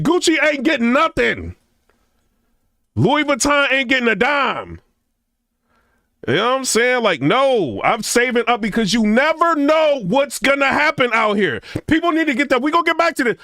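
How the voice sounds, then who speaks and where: Animated high-voiced man riffing in reaction commentary. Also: normal speed, dry recording, studio quality. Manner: animated, chatty, repeats "you know what I'm saying".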